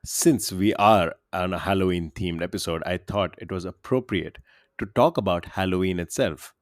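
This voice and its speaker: A man's voice: sits low, moderate pace, no room sound, clean studio sound. A man co-hosting a quiz podcast, chatting casually and laughing often.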